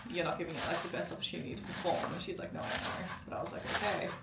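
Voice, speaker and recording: A young woman chats wryly about her day in a home vlog, her voice low with a gravelly edge. The camera sits some way off in an echoey room, and a loud hiss runs under everything. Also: steady tone. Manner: chatty, wry, talks fast with many likes. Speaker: vlogger. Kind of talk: casual chat. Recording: echoey room, far mic, loud noise.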